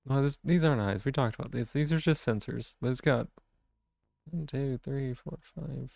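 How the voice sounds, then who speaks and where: A woman's voice: very deep voice, normal speed, gravelly, mellow, no echo, studio quality. A woman streaming a game late at night, worn out from laughing, giggly and playful as she talks to her chat and to herself. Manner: giggly, breaking into laughing fits. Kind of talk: casual live game commentary.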